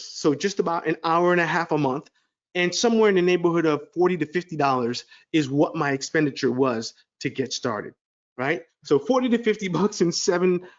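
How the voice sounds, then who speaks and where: A middle-aged man presenting an online class, telling a story to viewers with excited energy. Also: fairly high pitch, lo-fi sound. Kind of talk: webinar sales pitch.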